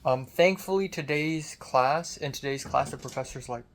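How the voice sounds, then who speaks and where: Young man with a deep, strained voice. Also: moderate pace, a bit bright, a little hiss or hum. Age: young adult. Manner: frustrated, self-critical, swears often. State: voice deep and strained after screaming. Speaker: college student vlogger. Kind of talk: casual video diary.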